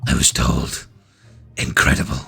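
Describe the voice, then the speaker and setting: A man putting on a gentle old paladin mentor. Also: very deep voice, completely flat delivery, creaky, husky, voice pushed down, full character voice. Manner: slow, kindly, calls her little one.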